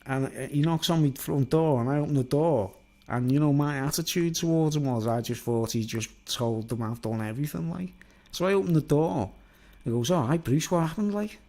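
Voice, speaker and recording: A man's voice: medium pitch, moderate pace, dark tone. A man telling a long personal story in a loose, rambling way, with lots of "like" and "you know". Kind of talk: rambling spoken anecdote.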